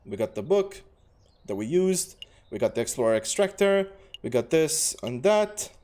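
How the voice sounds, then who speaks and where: A man's voice: fairly high pitch, big pitch swings, moderate pace, a little mellow. A man casually talking through a game as a streamer, thinking aloud. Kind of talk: casual gameplay commentary.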